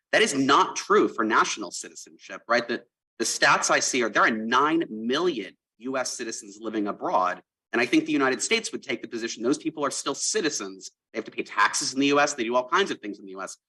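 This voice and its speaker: A man serving as an appellate judge, firing quick, pressing questions at counsel. His voice is bright and somewhat husky, and he talks at a brisk clip. The sound comes from a courtroom livestream. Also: medium pitch, rough recording. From Wisconsin. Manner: fast, pressing, argumentative questions.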